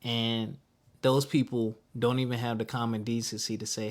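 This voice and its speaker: A man hosts a podcast in a mid-range voice that is neither high nor low. He speaks in a reflective, earnest way. He slows down to land the heartfelt points. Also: flat delivery. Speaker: podcast host. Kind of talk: reflective casual podcast talk.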